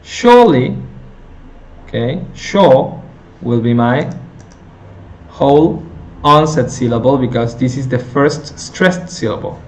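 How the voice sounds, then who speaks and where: Slow, hesitant male teacher. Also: medium pitch. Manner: explains step by step, many fillers and self-corrections. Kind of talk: recorded lecture on intonation.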